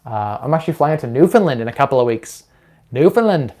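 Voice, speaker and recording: A man's voice: medium pitch, animated, fast, a little mellow. A young man hosting a casual live Q&A stream, talking upbeat and persuasive with frequent fillers and restarts. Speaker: host of a live Q&A on personal finance.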